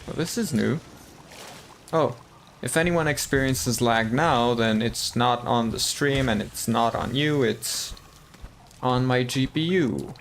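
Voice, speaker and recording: A man's voice: medium pitch, slow pace, slight background noise. A man with an American-sounding English accent giving casual, chatty commentary while streaming a game and talking to his chat. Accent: American-sounding English learned from TV.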